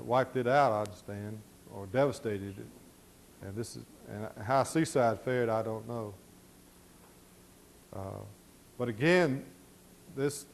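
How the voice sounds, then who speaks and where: A man's voice: medium pitch, slight background noise. Folksy man giving a slide lecture. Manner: folksy, halting, many fillers and restarts. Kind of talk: storytelling lecture.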